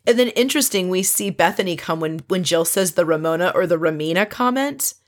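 A woman chatting casually through a reality show recap, animated, swearing freely, and acting out what others said. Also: on the low side, fairly quick.

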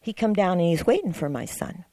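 A middle-aged woman earnestly shares a rambling personal testimony as a member of a church class, restarting as she goes. Her voice is on the low side and warm, with big pitch swings and a fairly quick pace, in a dry recording.

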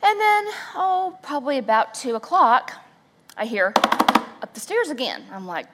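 A woman speaking at a church service, telling a playful, self-mocking story with animated, acted-out quotes. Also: a little high, normal speed. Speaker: church speaker, pastor's wife. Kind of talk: storytelling sermon.

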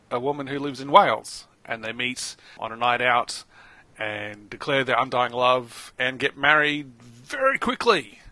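An Australian man chats on a podcast in a bright, forward voice. He is animated, laughs often and exclaims freely. The sound is close and dry. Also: mid-range voice, no room sound. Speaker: podcast co-host. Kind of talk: casual chat.

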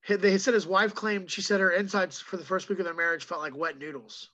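A man who is a comedian, chatting as a podcast guest and telling animated stories with quick impressions. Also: sits high, dull audio. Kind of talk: casual podcast chat.

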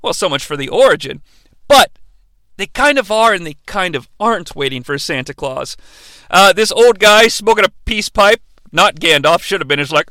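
Irreverent high-voiced male movie reviewer. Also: lively intonation, normal speed, bright, forceful tone, no room sound, clean studio sound. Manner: irreverent, profane, joking. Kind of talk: comedic movie recap.

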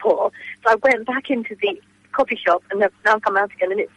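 A woman's voice: medium pitch, a little fast, fairly bright tone, no echo, poor audio. An Englishwoman chatting on the radio by mobile phone from outdoors, rambling through anecdotes and laughing often. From England. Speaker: phone-in guest. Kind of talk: casual radio chat. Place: outdoors outside a coffee shop.

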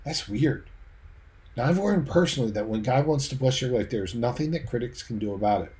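A man's voice: medium pitch, animated, fast talker, dark tone. A man preaching a sermon, leading his listeners through vividly imagined scenes.

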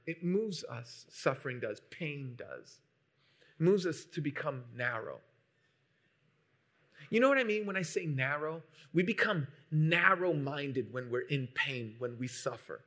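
A man preaching a sermon, emphatic, moving between hushed lines and loud, urgent ones. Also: a little high, lively intonation, measured pace. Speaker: pastor.

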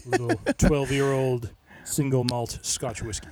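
A man's voice: mid-range voice, steady tone, takes it slowly, crowd noise. A man co-hosting a podcast, laughing easily and trading good-humored teasing over a video call. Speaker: podcast co-host. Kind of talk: casual podcast banter.

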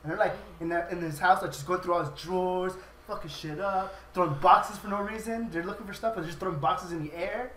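A man's voice: high-pitched, quick pace, hardly any pauses, a bit bright, far from the mic, slight background noise. A man chatting casually and profanely, rambling and laughing as he retells a movie. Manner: laughing often, rambling, acting out quoted lines. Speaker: podcast host retelling a movie. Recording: roomy, off-mic with crowd chatter.

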